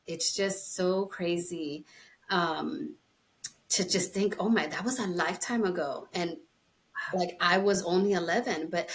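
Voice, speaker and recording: A woman's voice: on the low side, a bit bright. A woman in her forties with a slight East Coast accent, hosting and telling a story in casual chat. She laughs often and acts out other people's voices. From New Jersey, USA. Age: 40s. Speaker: podcast host.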